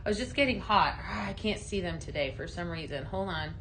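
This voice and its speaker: A woman's voice: on the low side, animated, fairly quick, a bit bright, slight background noise, poor audio. A woman hosting a live home fragrance show on a studio set, chatting in an upbeat way while she demos products and reads out viewer comments. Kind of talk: live on-air product demo chat. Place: studio set under hot lights.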